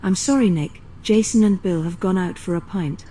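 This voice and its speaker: A courteous female starship computer, voiced by a woman, speaks in a low, mellow tone with smooth, even phrasing. She sounds set back from the mic, like a game voice pack heard from a short distance. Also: moderate pace, natural voice. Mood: apologetic. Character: female ship computer voice, polite and calm.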